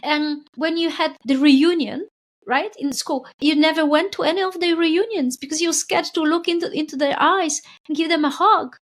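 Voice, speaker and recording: A woman's voice: sits high, moderate pace, lightly acted. A woman voicing the inner fear of another woman, a weary, protective part that speaks bluntly and reproachfully.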